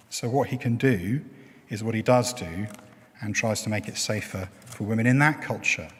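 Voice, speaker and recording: A man's voice: mid-range voice, a bit bright. Man preaching in a reverberant church. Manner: conversational, explaining with everyday examples. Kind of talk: sermon. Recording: long reverb of a church hall.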